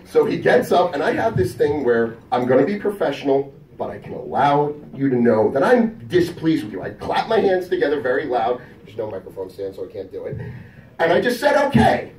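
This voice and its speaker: A man's voice: medium pitch, a little fast, a little hiss or hum. A man telling crude stories on a convention stage, acting out the people in them. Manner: animated, crude, acts out the people in his stories. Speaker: comedian telling a story on stage. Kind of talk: stand-up storytelling. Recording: echoey room, mic from a distance.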